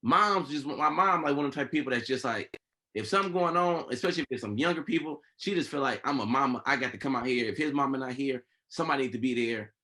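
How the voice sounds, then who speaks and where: A man hosting a podcast in casual chat, telling a story with lively, acted-out quotes from the people in it. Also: medium pitch, fast. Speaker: podcast host.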